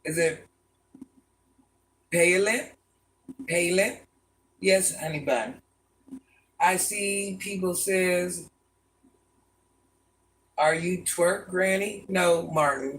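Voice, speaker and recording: An older woman with a deep, gravelly voice, chatting bluntly with her live-stream viewers from a room in her home and calling them baby and hon. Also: lively intonation, slow, pauses often. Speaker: vlogger reading live chat. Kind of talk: casual live-stream chat.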